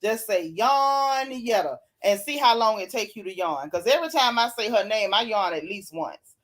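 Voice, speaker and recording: A woman hosting a casual live-stream recap, reading viewer comments and talking with sassy, animated flair, often yawning and laughing. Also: medium pitch, normal speed. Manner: sassy, animated, Southern Black vernacular gossip. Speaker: reality TV recap host reading live chat.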